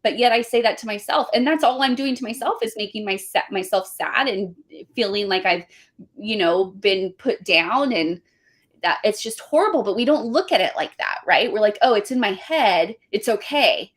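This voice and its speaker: A woman's voice: medium pitch, moderate pace. A woman weightlifting coach, a guest in a casual podcast interview, talking earnestly and with animation. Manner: earnest, animated, speaks of camps and self-talk.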